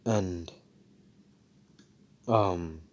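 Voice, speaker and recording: A man's voice: low-pitched, extremely slow, a little mellow, highs cut off. A man casually narrating a fan story, rambling with fillers and swearing.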